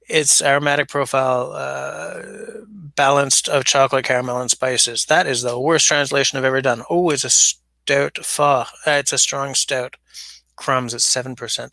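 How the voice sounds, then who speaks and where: A man streams live from a basement, chatting casually and reading viewer comments aloud. His medium-pitched voice has vocal fry and sounds pushed and bright, and there's no echo on his smaller-than-usual mic.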